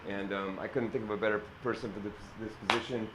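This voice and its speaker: A man's voice: lowish voice, steady tone, fast talker, very noisy. A man giving an earnest, rambling spoken endorsement of a local candidate, with fillers.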